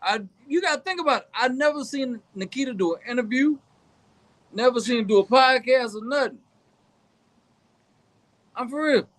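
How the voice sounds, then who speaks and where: A man's voice: very high voice, normal speed, long pauses. A man in his forties co-hosting a casual wrestling talk show, telling stories emphatically with slang and repetition. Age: 40s. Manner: animated storyteller, emphatic slang, repeats himself. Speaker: podcast co-host.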